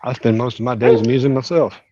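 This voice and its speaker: A man's voice: mid-range voice, steady tone, fast, a crowd in the background. Joking man, lo-fi. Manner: joking, rambling, self-mocking. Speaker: fishing channel co-host. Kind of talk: casual live-stream chat while fishing.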